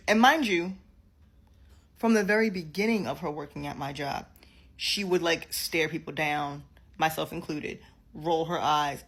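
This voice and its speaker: A woman in a clip telling a story casually, chatty and repeating phrases for emphasis. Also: fairly low pitch.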